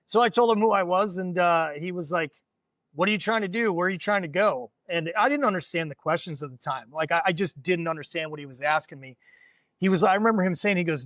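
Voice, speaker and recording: A man's voice: high voice, fairly quick, fairly bright tone, dry recording. A man in his forties, a former Marine, telling stories casually with lots of fillers and swearing. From United States. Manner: rambling, lots of fillers and profanity. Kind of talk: casual storytelling.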